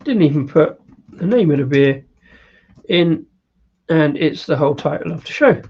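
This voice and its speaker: Man, casual live-stream beer reviewer, rambling, slightly high voice, dull lo-fi sound. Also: animated, moderate pace, breathy edge. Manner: rambling, with many fillers and laughs.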